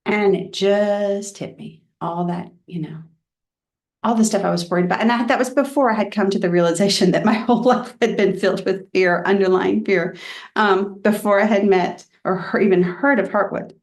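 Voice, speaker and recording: A woman reverend giving a personal Dharma talk in a candid, reflective storytelling way. She often drops soft and quiet. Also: mid-range voice, fairly even intonation, normal speed.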